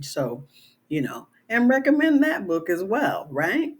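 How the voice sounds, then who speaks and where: A middle-aged woman speaks slowly in a husky, slightly breathy voice. She talks to camera in a casual vlog. Her manner is earnest and conversational, with frequent little check-ins to the listener. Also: fairly low pitch, lively intonation. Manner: earnest, conversational, many "you know" and "right?" tags. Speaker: author.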